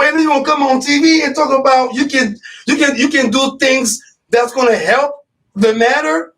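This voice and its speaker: Fired-up high-voiced radio host man. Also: a little slow, fairly bright tone, far from the mic, low-quality recording. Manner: impassioned, repetitive, addresses listeners as y'all. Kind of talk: live radio talk show commentary.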